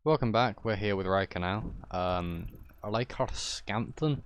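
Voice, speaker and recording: Man, game streamer, casual live commentary, teasing, offhand swearing, lower voice. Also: a little slow, clear, resonant tone, no echo.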